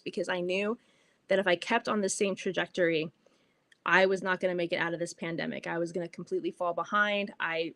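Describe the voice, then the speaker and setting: A bubbly, middle-aged woman hosting a podcast, telling a personal story in a casual, animated way. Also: on the low side, dry recording. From California. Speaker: podcast host.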